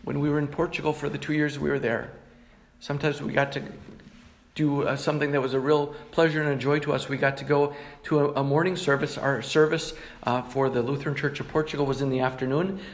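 A middle-aged male pastor preaching in a plain teaching tone. His voice sits a little high for a man. He reads scripture aloud and explains it to the congregation. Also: level tone, brisk. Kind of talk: sermon.

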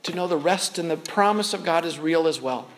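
A man's voice: on the high side, a little fast, fairly bright tone, a little hiss or hum. A man preaching a sermon as pastor, speaking in an earnest, conversational way and often repeating words as he goes.

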